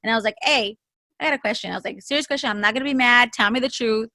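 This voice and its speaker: A woman's voice: a little high, very fast, bright, forceful tone, no echo. A woman co-hosting a casual podcast, telling a story animatedly with lots of swearing and laughter. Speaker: podcast co-host. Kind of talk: casual chat.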